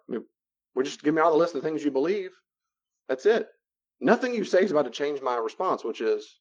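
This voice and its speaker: A man's voice: fairly high pitch, big pitch swings, fairly quick, muffled recording. A man giving a conversational teaching talk on boundaries, animatedly acting out both sides of everyday dialogues. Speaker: Christian counselor teaching on boundaries.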